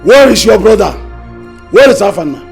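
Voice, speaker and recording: A man's voice: on the high side, lively intonation, unhurried, creaky, darkish tone, soft background music. A man playing a stern elder of the royal council who questions and demands, formal and commanding, with a Nigerian accent. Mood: demanding.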